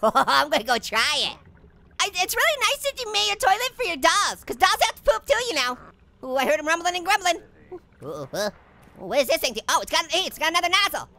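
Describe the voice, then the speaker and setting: A woman doing a squeaky giggly cartoon orange. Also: big pitch swings, fairly quick, gravelly, sharp tone, exaggerated voice. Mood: goofy. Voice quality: squeaky, bouncy, silly. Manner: rambling, joking, giggling at own gags. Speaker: gameplay commentator. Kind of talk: let's play commentary.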